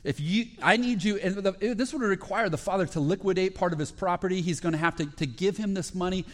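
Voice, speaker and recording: With a fairly high voice, a pastor retells stories in short, broken phrases, frequently restarting and filling pauses. When a story peaks, he lifts into excitement.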